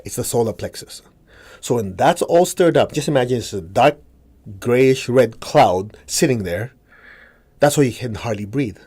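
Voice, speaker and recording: A man leads a meditation class in a mid-pitched voice. He explains step by step, asks the room questions and answers them himself, and acts out inner dialogue. His delivery is calm and teacherly. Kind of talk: spiritual teaching talk to a group.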